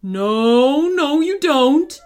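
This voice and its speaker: A woman's voice: high voice, lively intonation, extremely slow, slight background noise, pitched above the performer's own voice, heavily acted. A woman voicing a stern male red panda palace guard for a storybook reading.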